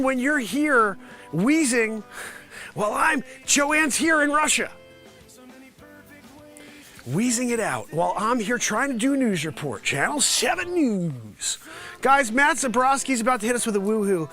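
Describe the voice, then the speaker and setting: High bright-voiced man doing a mock news report. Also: measured pace, soft background music. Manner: rambling, deadpan mock-serious delivery with fillers. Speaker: comedy vlogger playing a news reporter.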